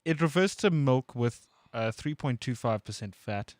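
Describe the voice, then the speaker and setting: A young man co-hosting, playful and quick to laugh in casual studio banter. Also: mid-range voice, expressive, darkish tone, no room sound. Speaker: co-host.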